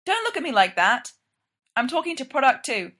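A woman's voice: high-pitched, sing-song, normal speed, fairly bright tone, voice pushed up, exaggerated voice. A woman voicing a terse, commanding young male tech founder in a clipped, blunt way. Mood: curt.

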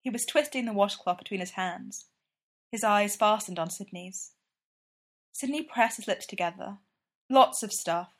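A woman reading a piece of fan fiction aloud in a steady, even storytelling manner. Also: mid-range voice, moderate pace. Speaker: reader.

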